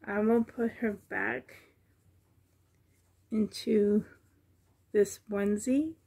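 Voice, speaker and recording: A woman at home on the floor, showing a doll she is selling, talking softly with many ums and a little out of breath. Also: medium pitch, fairly even intonation, drawn-out words, vocal fry, husky. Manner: soft, cooing over the doll, with many ums. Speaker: reborn doll seller. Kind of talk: casual show-and-tell vlog.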